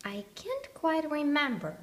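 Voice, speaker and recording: A woman voicing a big male monster father who talks in a low, hushed voice as he gives spooky warnings to his child. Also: sing-song, measured pace, heavily acted. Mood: solemn.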